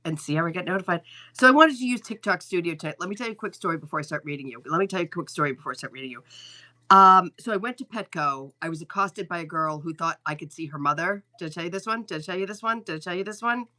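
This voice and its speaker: A woman's voice: on the low side, fast talker, bright, forceful tone. A woman hosting a live stream as a psychic medium, chatting casually and telling stories, often repeating her lines and swearing freely. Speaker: psychic medium livestream host. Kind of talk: casual livestream chat and storytelling.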